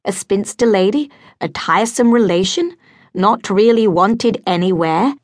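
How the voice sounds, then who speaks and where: A woman voicing a gentle older spinster governess in an audiobook, earnest and pleading. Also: mid-range voice, unhurried, dry recording, studio quality, voice pushed up, natural voice.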